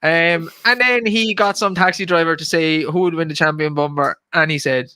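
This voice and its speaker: A man's voice: fairly high pitch, normal speed, bright, forceful tone, smooth, no echo, studio quality. A young Irish man hosting a casual podcast chat, teasing and swearing easily, with plenty of "uh" fillers. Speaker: podcast host.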